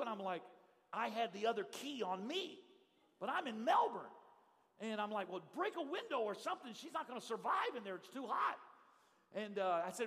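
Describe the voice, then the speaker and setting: A middle-aged male pastor, telling stories in a sermon and swinging from hushed telling to loud shouting. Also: extremely high pitch, big pitch swings, brisk. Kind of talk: storytelling sermon. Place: church sanctuary. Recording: live church hall reverb.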